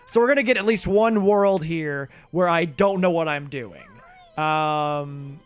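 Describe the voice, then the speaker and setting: A man speaks in a smooth, slightly high voice at a measured pace as he streams a video game. He chats casually with his audience, rambling, joking at his own expense, and cursing occasionally, while game music plays faintly.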